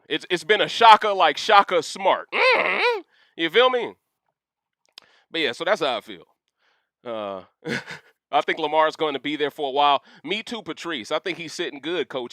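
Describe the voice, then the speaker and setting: Animated high-voiced man ranting on a livestream. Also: no room sound, clean studio sound. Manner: animated, slangy, with catchphrases and asides. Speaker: livestream host. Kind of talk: casual livestream rant reading chat questions.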